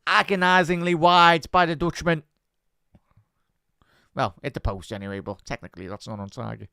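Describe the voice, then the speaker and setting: A man hosting a live football watch-along, giving chatty fan commentary, answering viewer chat and shouting out at big moments. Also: a little high, moderate pace, gravelly, smooth, no room sound, studio quality.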